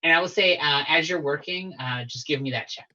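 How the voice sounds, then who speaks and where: Bright-voiced game master narrating. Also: medium pitch, brisk. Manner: descriptive, easygoing. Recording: slightly dull lo-fi audio.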